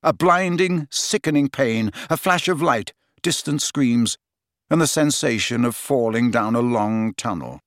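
A man narrating an audiobook with steady, expressive storytelling. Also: medium pitch, unhurried, no room sound, studio quality. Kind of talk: scripted narration.

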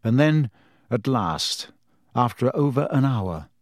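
An audiobook narrator reads a novel aloud in a measured, even storytelling style. His voice is medium in pitch, and the scripted narration is captured in a clean studio with no echo.

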